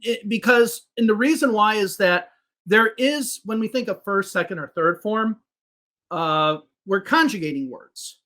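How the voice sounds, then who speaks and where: A man's voice: high-pitched, unhurried, bright, forceful tone. Patient man explaining grammar. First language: English. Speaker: English teacher. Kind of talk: explanatory podcast conversation.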